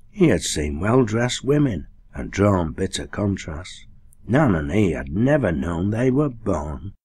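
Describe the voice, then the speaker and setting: A low-voiced man with a husky edge reads a novel aloud. His pitch rises and falls freely through the narration, and he lifts his voice for the characters' dialect lines. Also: darkish tone. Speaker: audiobook reader. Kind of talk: scripted narration.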